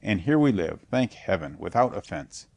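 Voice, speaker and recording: A man's voice: fairly low pitch, big pitch swings, normal speed, darkish tone. A man voicing a kindly little peasant soldier with a tender, sing-song way of speaking.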